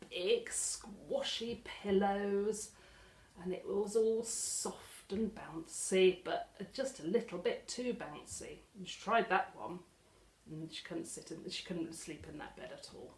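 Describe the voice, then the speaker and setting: A woman with an English accent telling a children's story as a library storyteller, animated and full of dramatic gasps. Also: fairly low pitch. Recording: echoey room.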